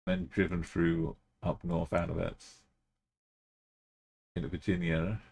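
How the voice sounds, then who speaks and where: Gravelly low-voiced man streaming. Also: monotone, moderate pace, a little mellow. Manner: thinking aloud, musing, chatting to viewers. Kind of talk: live game stream commentary.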